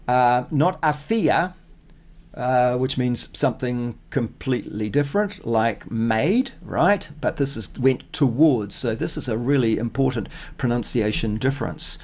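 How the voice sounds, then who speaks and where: A man working through his Spanish practice notes out loud, thinking aloud with many fillers and restarts, and reading phrases slowly and deliberately. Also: medium pitch, lively intonation. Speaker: Spanish learner. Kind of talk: casual self-recorded practice talk.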